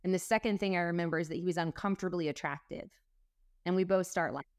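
A woman's voice: on the low side, fairly even intonation, fast talker, a little mellow, clear, resonant tone, no echo, clean studio sound. A woman guest in a conversation, telling a personal story earnestly, with a rush of quoted dialogue.

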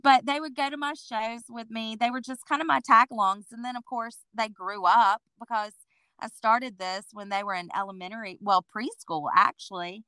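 A woman's voice: fairly high pitch, moderate pace, smooth, no echo. A woman in her forties, a boutique owner and interview guest, telling her story conversationally and acting out what people said. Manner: lively storyteller who acts out what people said.

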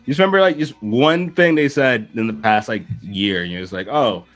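A man's voice: medium pitch, brisk, faint music behind. A man co-hosting a podcast, telling stories in casual slangy banter. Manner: lively storytelling with slangy banter. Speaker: podcast co-host. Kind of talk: casual chat.

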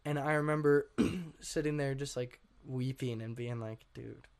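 A young man, a guest on an interview show, telling his story in a rambling, casual way, full of fillers and frequent throat clearing. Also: mid-range voice, steady tone, normal speed, darkish tone. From Washington state. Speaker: guest artist.

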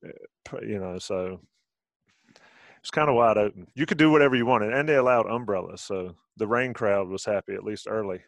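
A man's voice: on the low side, a little fast, creaky, dry recording. Middle-aged man, sports talk. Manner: conversational, rambling with restarts. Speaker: sports radio host.

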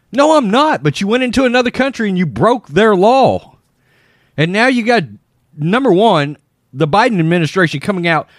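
High-voiced irritated male sports ranter. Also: no echo, clean studio sound. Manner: blunt, irritated, emphatic. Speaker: sports commentary host. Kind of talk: opinionated sports rant.

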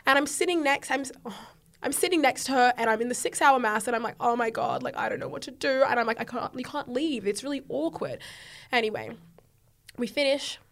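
A young woman, a podcast guest telling a story in casual chat and acting out the quoted lines with big swings in loudness. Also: on the high side, a little fast, gravelly. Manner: animated, acts out quoted dialogue loudly.

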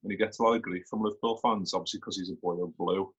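A man hosting a podcast, asking eager questions quickly with many restarts. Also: sits low, steady tone, fairly bright tone, husky, highs cut off. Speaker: podcast host. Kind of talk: casual podcast interview.

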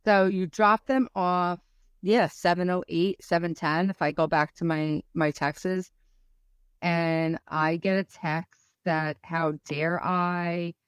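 A woman's voice: on the low side, fairly even intonation, takes it slowly, clean tone, dry recording, clean studio sound. A woman guest on a podcast, telling a story in a rambling, casual way full of fillers.

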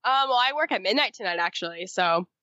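A congested woman with a deep, sultry voice chatting as a podcast guest, frank and laid-back. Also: lively intonation, fast talker, sharp tone, no echo, highs cut off. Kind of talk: casual podcast chat.

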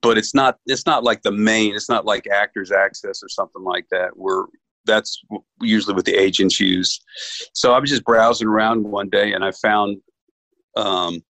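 Animated man telling stories on a call. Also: lowish voice, normal speed, no room sound, poor audio. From New York. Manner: animated storyteller, acts out quoted voices. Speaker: actor guest. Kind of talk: casual interview chat.

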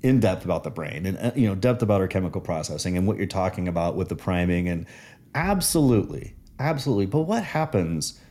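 Earnest low-voiced man reflecting. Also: big pitch swings, fast talker, mellow. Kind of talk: casual conversation.

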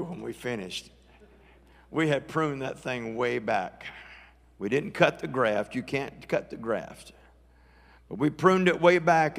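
A man's voice: mid-range voice, vocal fry. A middle-aged man preaching a live sermon in a church, emphatic and building in intensity. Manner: rising, emphatic preaching that climbs louder as he builds. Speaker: guest preacher. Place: church sanctuary. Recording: long church hall reverb.

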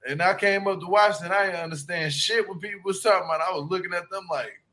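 Man, Shreveport Louisiana accent, casual chat, high-pitched, laughing, profane. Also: fast talker, bright, forceful tone. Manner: laughs often, loose and profane.

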